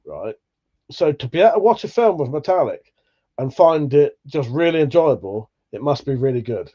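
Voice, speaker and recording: A man's voice: on the high side, dark tone, lo-fi sound. A man hosting a livestream, chatting casually and reading out viewer comments, swearing freely and laughing at himself. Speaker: livestream host.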